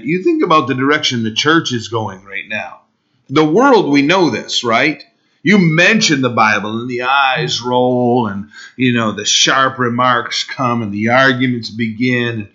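A man's voice: mid-range voice, slow pace, bright, forceful tone, dull audio. A male pastor preaching an impassioned expository sermon, pleading and rising sharply for emphasis.

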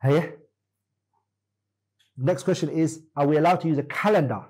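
Male teacher, mellow husky voice, questioning students in class, firm corrections. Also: a little high, moderate pace, rough recording. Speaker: Islamic teacher. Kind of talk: classroom lesson quizzing students.

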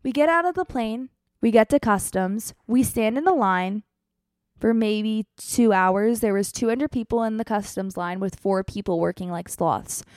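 A young woman telling a travel story in a casual, animated, exaggerated way. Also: mid-range voice, moderate pace, no room sound, studio quality.

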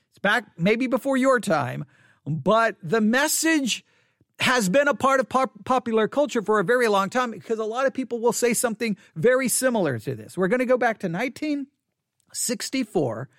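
A man preaching from an empty church sanctuary as pastor and podcast host, emphatic and animated, with playful asides. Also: high-pitched, no room sound, clean studio sound. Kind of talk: live-streamed sermon.

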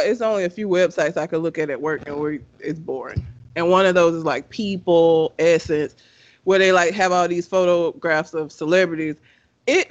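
A man co-hosting a podcast in casual chat, laid-back, often agreeing and laughing. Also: sits high. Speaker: podcast co-host.

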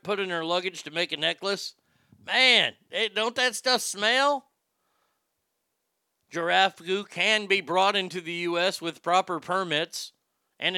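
A man riffing profanely through comedic news commentary, his voice high, bright and crisp. There's a gravelly edge, and the sound is dry and close. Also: no echo. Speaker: comedy show host.

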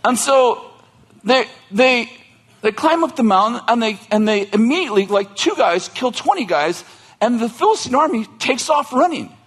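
An extremely high-pitched man speaks at a moderate pace while preaching. The pastor retells a story in a jokey, animated manner, laughing frequently and interrupting himself with asides and restarts.

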